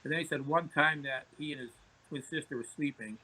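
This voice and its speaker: A man's voice: on the high side, brisk, pushed and bright, breathy edge, poor audio. A man, a podcast guest telling anecdotes in conversation, often repeating words as he starts phrases. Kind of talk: storytelling in conversation.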